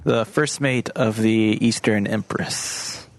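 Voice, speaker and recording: A man co-hosting a podcast, chatting casually over a board game and quickly checking details. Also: lowish voice, steady tone, creaky, no room sound. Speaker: podcast co-host.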